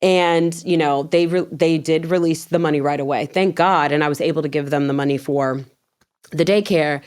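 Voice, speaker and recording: A woman guest telling a story in an interview. She is animated, laughs often, acts out her own past words, and swears bluntly. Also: low voice, normal speed, clean tone.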